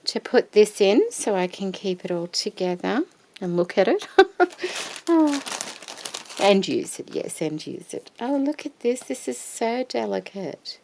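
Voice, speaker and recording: A woman craft vlogger showing off her purchases in a casual show-and-tell, gushing with admiration and often dropping into a soft whisper. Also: mid-range voice, a little slow, vocal fry.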